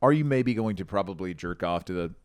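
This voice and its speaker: A man's voice: deep voice, lively intonation, fairly quick. A man in his thirties co-hosting a podcast, needling a guest in crude comedic banter and laughing often. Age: 30s. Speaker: podcast co-host.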